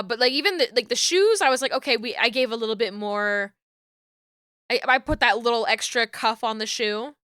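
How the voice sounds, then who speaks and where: A woman's voice: on the high side, pushed and bright, smooth, no echo, clean studio sound. A young woman streamer chatting casually and rambling while she works, laughing often. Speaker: streamer and VTuber rigging artist.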